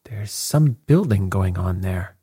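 A man voicing a calm, blandly ironic detective who speaks quietly, with a husky voice. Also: deep voice, takes it slowly, dry recording, clean studio sound, heavily acted. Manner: quiet and unruffled.

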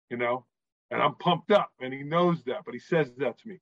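A man from New York, a guest and author, telling animated stories in an interview and often asking "right?". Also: mid-range voice, brisk, dry recording, lo-fi sound. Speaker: guest, author and former referee. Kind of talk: storytelling in a podcast interview.

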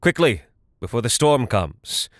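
A man's voice: medium pitch, big pitch swings, a little slow, no echo, clean studio sound. A man voicing a scheming, lying male bard who rallies crowds and sneers at his lord. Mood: urging. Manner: forceful, persuasive, sneering.

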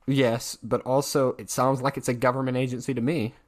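A man chatting on a podcast with easy enthusiasm. He rambles through his thoughts with plenty of fillers and laughs along the way, his voice sitting at an ordinary middle pitch. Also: level tone, fairly quick. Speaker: podcast co-host. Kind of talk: casual podcast chat.

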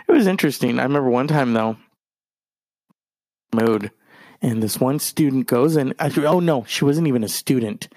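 In a casual monologue, a podcast host rambles loosely through anecdotes, storytelling as he goes. His mid-range voice has a darkish tone, recorded with no echo.

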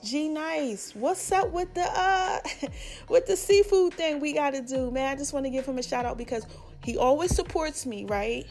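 Woman, forties, slangy and heartfelt, slightly high voice, faint music under her. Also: moderate pace, a little mellow. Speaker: vlogger. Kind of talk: casual shout-outs to family and friends.

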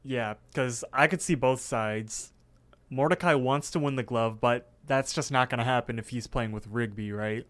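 A man's voice: mid-range voice, normal speed, fairly bright tone. A man co-hosting a casual podcast, retelling cartoon scenes with lots of fillers. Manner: recaps scenes with many fillers. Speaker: podcast co-host.

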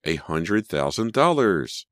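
A man with a very deep voice voicing a bold, scheming teenage girl who talks in a pushy, eager way, raising his pitch for her. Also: animated, normal speed, dry recording, studio quality. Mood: awed.

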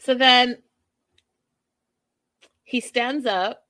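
A woman's voice: on the high side, drawn-out words. Gossipy woman recapping reality TV. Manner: gossipy, animated, acts out quotes. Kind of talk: casual recap commentary.

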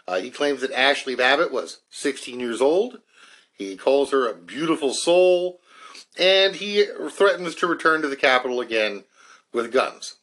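Man, podcast host, legal case explainer, reads from court filings, restarts and fillers, middle pitch. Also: lively intonation, a little slow, a bit bright.

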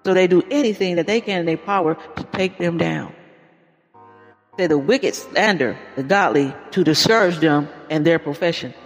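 A man preaching an informal podcast sermon in a folksy, exclaiming way, often calling out praise. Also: on the high side. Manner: folksy, exclaims "Lord have mercy" and "Hallelujah". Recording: long reverb with faint music.

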